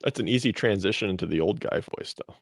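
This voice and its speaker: Man, middle-aged, very low voice, dry close sound, teasing quips, podcast co-host. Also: fast talker, dry recording. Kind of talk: casual chat.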